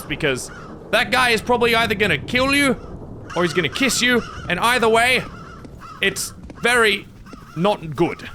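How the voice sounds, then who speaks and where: A man's voice: sits high, pushed and bright, slight background noise. A man commenting on his gameplay in a jokey, rambling way, easily startled and prone to yelps. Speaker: gaming video creator.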